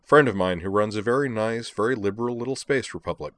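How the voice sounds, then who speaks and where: A man voicing an airy, nonchalant young fixer in a storybook reading, with a low, dry voice. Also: fast, a bit bright, dry recording, lightly acted. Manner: breezy, offhand.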